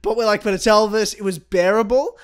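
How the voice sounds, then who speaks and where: A man's voice: high voice, fairly even intonation, brisk, clean tone. A young man co-hosting a podcast, telling a story in casual chat, laughing and swearing a lot. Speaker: podcast co-host.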